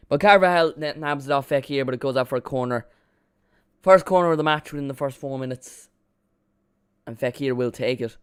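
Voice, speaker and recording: Man, live match commentary, chatty and excitable, self-mocking, smooth clear voice, dry close sound. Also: medium pitch, fairly quick, no echo. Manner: chatty and excitable, jokes about himself. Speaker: live watchalong streamer. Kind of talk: casual play-by-play commentary.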